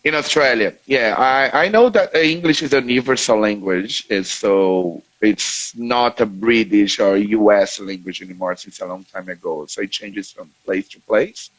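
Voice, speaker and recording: A Brazilian-accented man speaks English as a guest on a video call, his voice sitting fairly low. He pauses often and restarts his sentences. The sound is dry and close. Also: no echo, poor audio. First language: Portuguese. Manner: hesitant, many fillers and restarts. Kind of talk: casual interview over video call.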